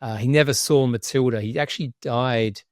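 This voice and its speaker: A man's voice: mid-range voice, normal speed, dry recording, clean studio sound. Man telling a candid story. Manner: candid storytelling, frequent restarts. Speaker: podcast guest. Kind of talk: casual interview chat.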